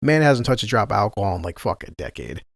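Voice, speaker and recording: A man's voice: fairly low pitch, sing-song, fast, gravelly, dry recording, studio quality. A man, a podcast co-host telling a family story in casual, profane chat and laughing often.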